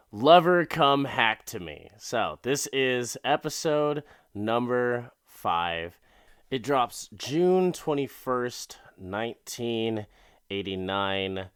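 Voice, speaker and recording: A man's voice: lowish voice, fairly bright tone, clean tone, no echo, studio quality. A man hosting a podcast, casually recapping an episode with swearing and acted-out lines. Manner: laid-back, swearing, laughing, acting out characters. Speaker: podcast host.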